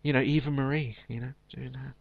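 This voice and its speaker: A man's voice: mid-range voice, steady tone, fast talker, vocal fry, slightly rough. Chatty man with dull lo-fi audio. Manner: chatty, recaps with many ums and restarts. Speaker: podcast co-host. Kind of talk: casual chat.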